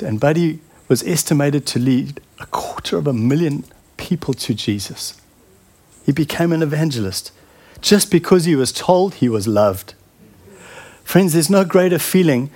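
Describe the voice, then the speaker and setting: A middle-aged man preaching a sermon in an earnest, heartfelt way, often pausing and repeating words. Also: fairly high pitch, darkish tone.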